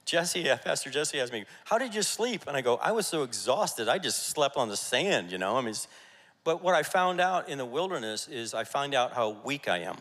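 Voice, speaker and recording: Bright-voiced pastor preaching in a church. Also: male voice, medium pitch, fairly quick. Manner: energetic, jokey, rallying the congregation. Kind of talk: sermon. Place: church sanctuary. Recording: church hall reverb.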